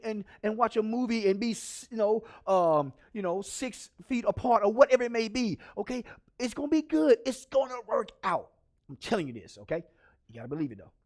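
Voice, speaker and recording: Animated, high-voiced encouraging man. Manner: encouraging, repetitive, animated with sudden loud outbursts. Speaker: leadership speaker. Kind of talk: motivational talk to camera. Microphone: camera.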